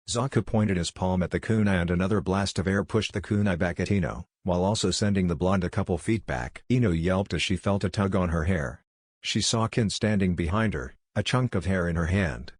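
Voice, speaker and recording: A man with a very low voice narrates a fan story. His reading is plain and even, with a dry, close sound. There is no room echo. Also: fairly quick.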